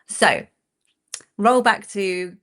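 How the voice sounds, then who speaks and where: A woman in her forties, a country singer chatting as a guest and telling stories in a lively, animated way. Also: mid-range voice, very slow. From England. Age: 40s. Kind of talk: casual chat.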